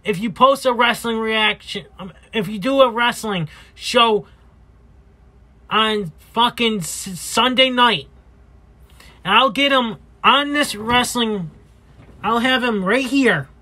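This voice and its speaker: Male reaction host, very high bright voice, slow, profane trash talk. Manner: crude, taunting, trash-talking.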